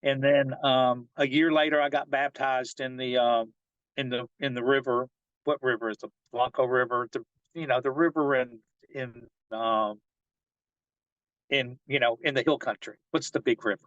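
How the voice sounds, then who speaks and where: A man's voice: mid-range voice, fairly even intonation, normal speed, fairly bright tone, no echo, muffled recording. A man working as a fishing guide, telling a long story in a casual interview and rambling with many restarts and fillers.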